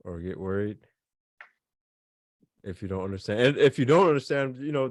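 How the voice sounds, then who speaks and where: Heard on a clean studio recording with no room sound, a man with a lowish voice leads an online beginners' language lesson. He keeps it relaxed, leaning on fillers and going over examples again and again.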